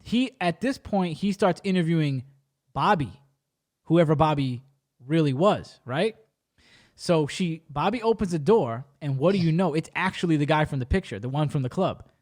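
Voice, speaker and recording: A man with a somewhat high voice spins a long story in casual podcast talk. He is animated and slangy, and he swears freely. The delivery stays loose and conversational. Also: normal speed. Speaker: podcast co-host.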